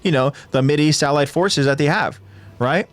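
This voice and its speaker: A man's voice: a little high, moderate pace, no room sound. A man co-hosting a podcast, chatting casually through an anime episode recap, full of fillers and tag questions like "right?". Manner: rambling, many fillers like "kind of" and "right?". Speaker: podcast co-host.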